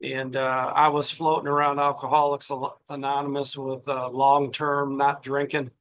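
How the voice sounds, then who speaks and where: A man giving a personal recovery share at a meeting, halting, with many fillers and restarts. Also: medium pitch, monotone, fairly bright tone, a little hiss or hum, poor audio. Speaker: meeting attendee sharing.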